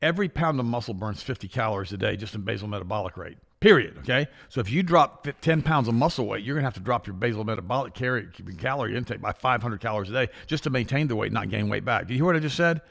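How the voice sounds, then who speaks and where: An older man co-hosting a talk show, explaining things in a fast, emphatic, lecturing way. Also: medium pitch, expressive, vocal fry, a bit bright. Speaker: co-host. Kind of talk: animated talk show banter.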